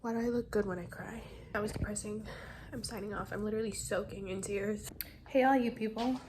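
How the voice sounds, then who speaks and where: Background noise sits under a mid-range, fairly evenly intoned voice that moves briskly. It belongs to a young, heavily pregnant vlogger making a casual video diary, speaking bluntly to her phone camera with swearing, tears and labor pain, at home and then in a hospital.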